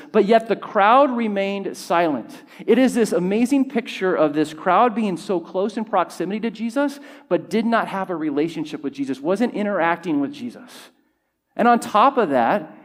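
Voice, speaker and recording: A man preaching a sermon, stepping through a Bible passage verse by verse and rising in pitch and volume when he quotes the shouting. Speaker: pastor.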